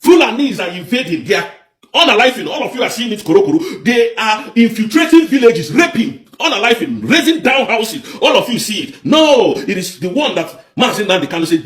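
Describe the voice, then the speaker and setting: A man with a Nigerian accent giving a heated, emphatic political rant on a livestream, repeating points and breaking into shouts. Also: high-pitched, very animated, fairly quick, reverberant. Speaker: livestream commentator.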